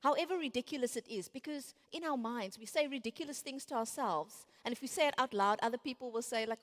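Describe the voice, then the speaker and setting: A woman's voice: high-pitched, animated, quick pace, few pauses. A woman in her late thirties giving a motivational conference talk, acting out her inner voices as she tells stories. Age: 30s. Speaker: conference speaker. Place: large conference hall. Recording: reverberant large hall.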